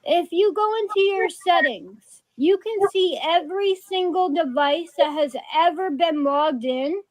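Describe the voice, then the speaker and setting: A woman's voice: very high-pitched, unhurried, darkish tone, poor audio. A woman talking casually and defensively on a call, indignant about being blamed.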